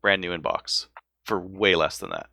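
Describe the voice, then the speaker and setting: A man co-hosting a podcast in casual chat, animated and prone to trailing off mid-thought. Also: low voice, moderate pace, no room sound, studio quality. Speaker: podcast co-host.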